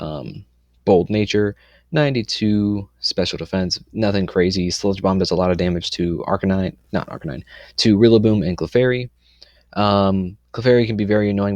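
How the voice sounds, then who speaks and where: A young man casually explaining his competitive team for a video, confident and rambling, with lots of "um"s and quick self-corrections. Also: low-pitched, no echo.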